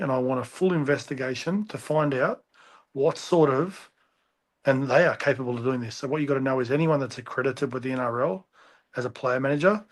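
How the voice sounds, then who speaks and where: An Australian man, a rugby league coach, giving impassioned opinions on a podcast over a remote call, ranting and repeating himself. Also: mid-range voice.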